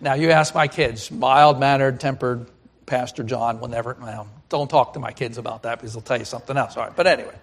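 A middle-aged man, a pastor, preaching a sermon, swinging between loud emphatic lines and hushed, quiet asides. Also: medium pitch, fairly even intonation, fairly quick.

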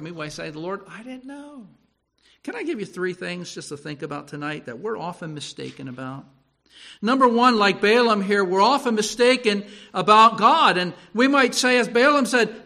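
A male preacher retelling a story in an animated sermon, often repeating himself and restarting. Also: sits high.

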